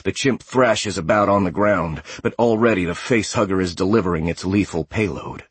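A man narrating a sci-fi audiobook in a steady, measured way. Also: sits low, slightly rough, no echo. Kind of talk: scripted narration.

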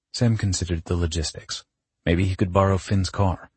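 An audiobook narrator reads scripted narration in a husky, low male voice. His intonation stays fairly even, the pace is moderate, and there's no echo.

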